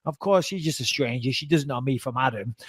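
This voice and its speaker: A middle-aged man hosting a podcast, telling a story in casual chat, lively and swearing freely. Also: mid-range voice, brisk, breathy edge, dry recording. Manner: animated, swears freely, acts out voices in anecdotes. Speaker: podcast host.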